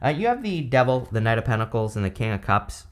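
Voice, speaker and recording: A man's voice: medium pitch, very animated, fast. A man giving a casual tarot reading, talking loosely with many fillers and self-corrections. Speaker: tarot reader.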